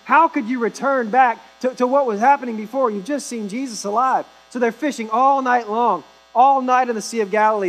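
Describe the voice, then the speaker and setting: A man with a high voice preaches a sermon in a relaxed, conversational way. He tells a Bible story and lightly acts out the people in it. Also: poor audio. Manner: conversational preaching, acting out quoted dialogue. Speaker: pastor.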